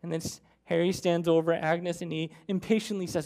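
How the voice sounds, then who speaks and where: A preacher telling a story in a sermon, with animated, dramatic storytelling. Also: mid-range voice, brisk.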